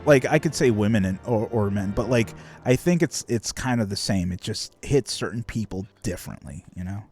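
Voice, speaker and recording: A man's voice: lowish voice, normal speed, a little mellow, soft background music. A man chatting casually on a live stream, rambling and swearing, with many fillers.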